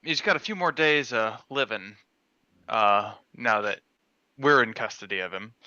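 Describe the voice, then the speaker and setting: A man playing his character in a tabletop game, speaking haltingly and hesitantly. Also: fairly low pitch, pushed and bright, no room sound, lo-fi sound. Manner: halting, hesitant, with many fillers. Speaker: player. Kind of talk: in-character role-play.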